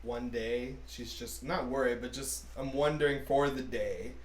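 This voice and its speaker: A man co-hosting a casual gossip podcast, laid-back and quick to react with surprise. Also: mid-range voice, steady tone. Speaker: podcast co-host. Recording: roomy echo.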